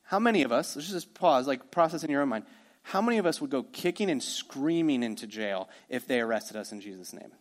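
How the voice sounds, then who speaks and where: A man preaching a sermon as pastor, energetic and conversational, with quick asides to the congregation. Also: medium pitch.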